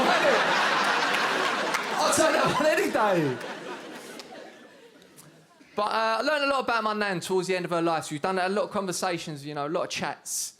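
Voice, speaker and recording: There's slight background noise as a high-pitched young man from England does stand-up on a comedy studio stage before a live audience. In his Essex accent he tells cheeky stories that build to punchlines, shouting in put-on voices.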